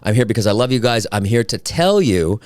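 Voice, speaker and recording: A man's voice: on the low side, very animated, brisk, darkish tone, no echo. A man in his fifties hosting a solo podcast, chatting casually and mocking himself with playful swings of his voice. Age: 50s. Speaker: podcast host.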